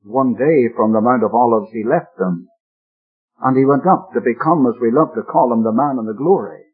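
Heard through a narrow-band old radio broadcast, a man with a mid-range voice preaches a Bible-teaching sermon at normal speed, explaining the text with earnest, emphatic expository delivery.

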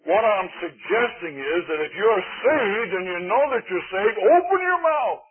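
A man preaching a sermon in a folksy, emphatic way, swinging between loud appeals and hushed asides. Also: sits high, unhurried, a little hiss or hum. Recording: tinny lo-fi old recording.

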